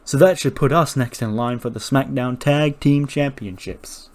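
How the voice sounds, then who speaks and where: A man voicing a brash young male wrestler who talks trash loudly in slang. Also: medium pitch, moderate pace, close to an everyday voice. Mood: cocky. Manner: loud, slangy trash talk.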